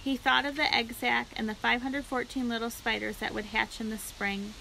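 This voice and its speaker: Bright-voiced woman reading a story aloud. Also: on the high side, flat delivery, moderate pace, gravelly, a little hiss or hum, low-quality recording. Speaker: library read-aloud narrator. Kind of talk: reading a children's book aloud.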